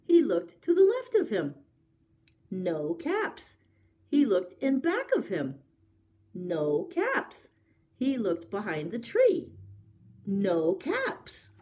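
Woman librarian, children's story-time reader, lively pitch, unhurried. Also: muffled recording. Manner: slow, expressive, asks young listeners questions. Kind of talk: story time read-aloud.

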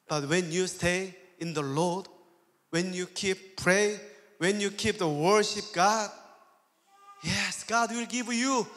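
Korean-accented guest pastor guy, english his second language, really high voice, slow animated storytelling with lots of laughs, big echoey church hall. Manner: animated storytelling, acts out own quotes, laughs often. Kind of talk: sermon with personal story. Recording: long church hall reverb.

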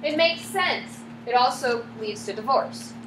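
A woman teaching a psychology class, lively and asking her students questions as she goes. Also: high voice, measured pace. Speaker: psychology lecturer. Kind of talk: classroom lecture with acted examples. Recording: echoey classroom with background hum.

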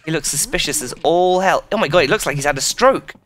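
Man, game commentary, pitch bouncing all over, excitable and sweary. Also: fast, slight background noise. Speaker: gaming YouTuber. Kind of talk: casual let's play commentary.

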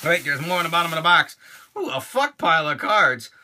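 Toy show host, middle-aged man, high and lively, loud and crude, keeps dropping into silly voices. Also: quick pace. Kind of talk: unboxing fan mail.

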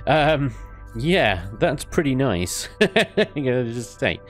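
A man giving casual, animated commentary on his gameplay, ranting and laughing with mild swearing. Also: mid-range voice, measured pace, faint music behind. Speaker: gaming YouTuber.

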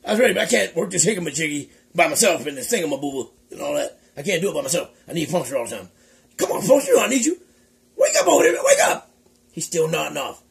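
A man voicing an excitable, forgetful male bird puppet who talks loudly, giggles and mixes up his words in comic banter. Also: on the high side, fast talker, gravelly, voice pushed down, exaggerated voice. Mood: pleading.

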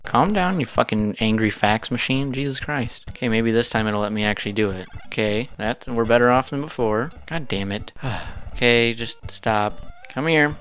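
A man's voice: mid-range voice, normal speed, a bit bright. A young man, hosting a retro gaming channel and swearing at the game in casual, frustrated commentary.

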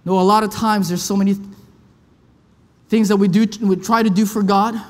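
A male preacher delivering a passionate sermon in a church, swinging from loud pleading to soft, low reassurance. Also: fairly even intonation, normal speed, long pauses. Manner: passionate, rises loud and high when pleading, drops soft and low for comfort. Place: church sanctuary. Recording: long church reverb.

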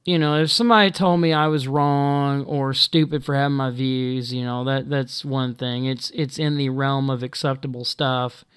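A man talking to camera in a casual monologue, halting and full of ums and restarts, blunt and exasperated. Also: mid-range voice, fairly even intonation, clean tone. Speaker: video blogger.

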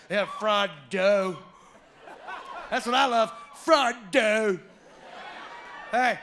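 Southern male stand-up comic, high-pitched, shouty and animated, live club recording with audience noise. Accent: Southern American. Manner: loud, animated storytelling with shouted character voices. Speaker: stand-up comedian. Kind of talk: stand-up comedy routine. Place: comedy club stage before a live audience. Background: audience laughter.

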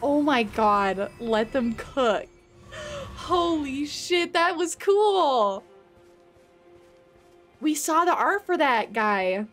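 A woman streamer talks through her game in excitable live commentary, gasping often and swearing without restraint. Her voice sits high and swings widely, and she talks at an unhurried pace. Faint game music runs underneath.

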